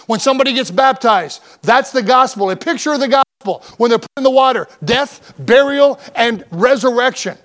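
Preaching with fervor, this male pastor has a very high-pitched, somewhat bright voice and speaks at a normal rate with barely any pauses. He leans on repeated words and lists for emphasis while reading scripture aloud. It was picked up by a church mic and aired on the radio.

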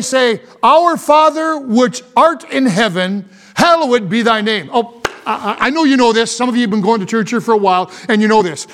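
A pastor preaching a fervent sermon, rising to shouts at times. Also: male voice, extremely high pitch.

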